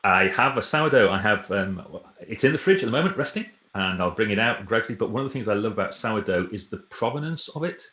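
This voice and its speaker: A man's voice: fairly low pitch, animated, fast, few pauses, sharp tone, roomy sound. A man, a presentation trainer and author, chatting casually and telling stories with a self-deprecating, rambling manner. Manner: self-deprecating, chatty storyteller with frequent restarts. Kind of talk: casual chat.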